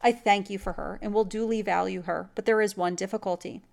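A woman's voice: mid-range voice, steady tone, fairly quick, creaky, darkish tone, natural voice. A woman doing an impatient, reluctant father. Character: impatient young-to-middle-aged father, a man. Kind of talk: audiobook story reading.

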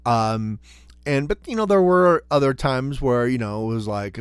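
A middle-aged man reflecting earnestly on hard times, talking in a halting way with lots of fillers and restarts. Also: mid-range voice, lively intonation, clean tone, no room sound. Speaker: storyteller recounting his hike. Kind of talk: casual spoken reflection.

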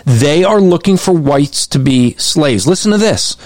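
A man's voice: on the high side, expressive, unhurried, darkish tone, no room sound. Emphatic man with a raised voice. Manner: emphatic and repetitive, restarts often. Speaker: commentator. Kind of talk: commentary over video clips.

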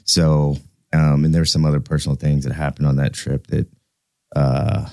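A man's voice: very deep voice, level tone, moderate pace, vocal fry, dark tone, no room sound, studio quality. A man in his thirties co-hosting a podcast, talking candidly in a casual way, swearing freely and often restarting his sentences. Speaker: podcast co-host.

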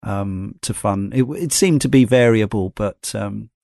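A gravelly, darkish, low male voice moves at a measured pace as the podcast host rambles thoughtfully about a game and turns to his co-hosts with questions. The recording is dry, and the conversation is a casual game discussion.

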